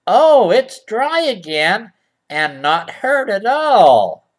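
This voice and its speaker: A reader putting on Cupid, a slow mischievous boy. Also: mid-range voice, very animated, full character voice. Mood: playful. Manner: slow, drawn-out reading of the lines. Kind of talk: mock storybook reading.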